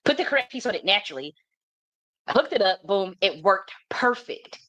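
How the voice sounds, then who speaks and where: A spiritual reader and teacher, speaking in a mid-range voice at normal speed, wanders animatedly through a story about herself while swearing freely and frequently breaking into laughter. The recording is muffled, with no room sound.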